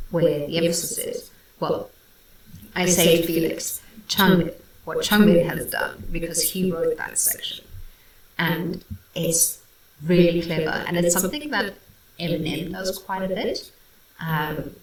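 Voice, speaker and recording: Low, slow-talking woman in a roomy space. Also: distant mic. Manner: explanatory, demonstrating sounds by singing snippets. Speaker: vocal coach reacting to a song. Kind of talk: casual music analysis. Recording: roomy sound, away from the mic.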